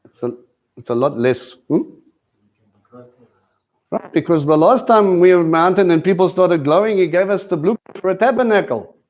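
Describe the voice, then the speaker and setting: His voice sits high with lively intonation, moving at a moderate pace with frequent pauses over phone-quality audio. He teaches a live sermon at a Messianic congregation, keeping it conversational and often asking his listeners questions.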